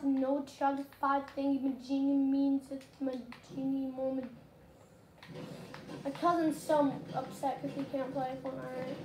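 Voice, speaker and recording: A woman giving casual, rambling gameplay commentary, getting excitable and shouting at the game. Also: sits high. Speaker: gaming channel host. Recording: roomy and noisy.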